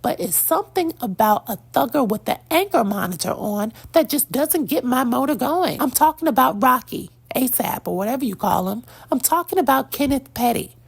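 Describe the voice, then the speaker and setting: A woman delivers opinionated celebrity gossip commentary, blunt and sassy, lecturing her listeners. Her voice is fairly high, with a gravelly, husky edge. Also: lively intonation, normal speed, few pauses. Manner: blunt, sassy, preachy, addresses "girl" and "y'all".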